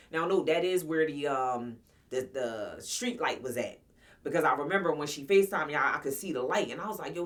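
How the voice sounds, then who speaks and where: A woman's voice: low-pitched, a bit bright, distant mic. A woman in her forties casually telling a personal story to her viewers, blunt, slangy and profane. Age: 40s. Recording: voice somewhat off-mic.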